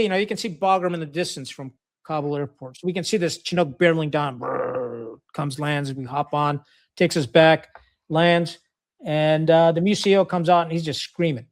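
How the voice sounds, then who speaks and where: On a podcast, a middle-aged retired Marine officer from Pakistan tells war stories bluntly, casually, and with plenty of profanity, acting out the dialogue he quotes. His voice sits on the high side.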